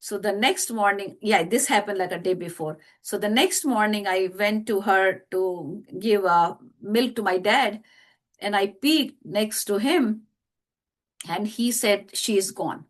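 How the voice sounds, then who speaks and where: A middle-aged woman, an interview guest, telling a personal story in a halting way with many fillers and restarts. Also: medium pitch.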